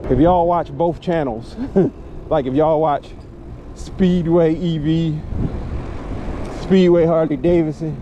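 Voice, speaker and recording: A man's voice: a little high, steady tone, takes it slowly, pauses often, dull audio, noisy background. A man riding an e-bike outdoors and vlogging as he goes, joking about himself in loose slang. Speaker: moto vlogger. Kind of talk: casual ride vlog. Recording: music playing under outdoor ride audio. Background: background music.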